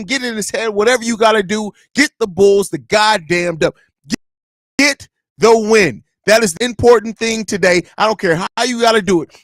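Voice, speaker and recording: A man's voice: sits high, a bit bright, dry recording, clean studio sound. A man hosting a sports pregame show, delivering a heated, profane rant with lots of repetition. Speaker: podcast host.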